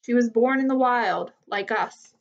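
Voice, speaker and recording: A woman's voice: a little high, measured pace. A woman doing a tired, motherly old elephant. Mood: weary. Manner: soft, weary and motherly. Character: older female elephant, tired and caring. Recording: slightly muffled lo-fi recording.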